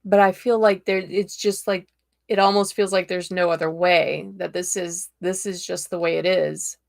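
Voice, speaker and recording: A woman's voice: fairly low pitch, level tone, moderate pace, creaky. A woman host giving live-streamed tarot readings in a chatty, direct and encouraging way, with a tickle in her throat.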